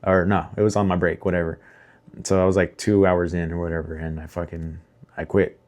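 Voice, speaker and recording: A man's voice: sits low, little pitch movement, fairly quick, a little mellow. A young man casually telling his own story to camera, rambling with lots of fillers, restarts and swearing, candid and emotional. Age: young adult. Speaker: vlogger.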